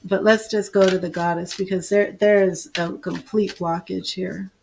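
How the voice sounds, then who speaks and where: A woman giving a live tarot reading, slowly invoking goddesses and reading card meanings aloud in a soothing way. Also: lowish voice, fairly even intonation, vocal fry, noisy background. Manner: slow, soothing, invoking spirits. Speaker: tarot reader.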